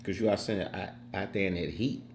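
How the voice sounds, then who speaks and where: A man's voice: low voice, fast talker, slight background noise. A man co-hosting a home food vlog, talking in a laid-back, slangy, joking way. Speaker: co-host, partner of the host. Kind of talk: casual chat.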